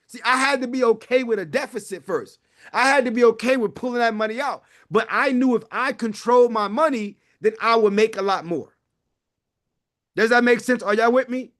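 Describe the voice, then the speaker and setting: A man's voice: extremely high pitch, a bit bright. A man hosting a live online wealth class, fervent and preachy, calling out to his viewers. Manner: fervent, preachy, calls out to the audience. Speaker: wealth-building webinar host. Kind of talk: live online sales pitch.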